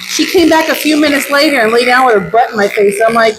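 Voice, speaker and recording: A woman dog groomer chatting casually while she works, telling stories with sudden high exclamations. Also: fairly quick, background noise. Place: grooming salon.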